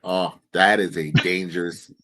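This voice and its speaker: A man's voice: low voice, steady tone, measured pace, sharp tone, no room sound. A man co-hosting a sports podcast, chatting casually and pressing his opinions by repeating them. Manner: insistent, keeps repeating his point. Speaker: podcast co-host.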